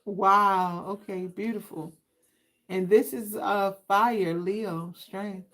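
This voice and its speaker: A woman's voice: mid-range voice, fairly even intonation, takes it slowly, fairly bright tone, poor audio. A sassy, talkative woman in gives a tarot reading on a casual livestream. She speaks straight to the people watching, with an easy, conversational flow. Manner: chatty, sassy, talks straight to viewers. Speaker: tarot reader.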